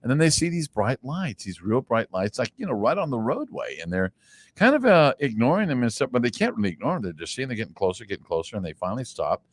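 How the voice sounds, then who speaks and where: A man talks casually, telling stories in a meandering way and often restarting his sentences. His pitch rises and falls a lot. The recording is dry and close. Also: very animated, quick pace, no echo. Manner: rambling storyteller, many restarts. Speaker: podcast host. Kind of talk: casual chat.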